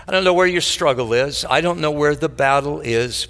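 A man preaching a sermon as pastor, rising to loud high peaks and dropping to soft low asides. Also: normal speed, creaky, few pauses. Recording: hall reverb.

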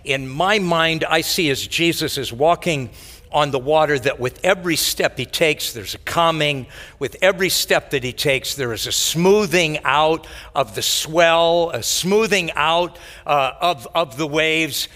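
Male pastor, slow sermon delivery, expressive swings from high and loud to soft and low, church sanctuary with a long reverb tail. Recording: hall reverb.

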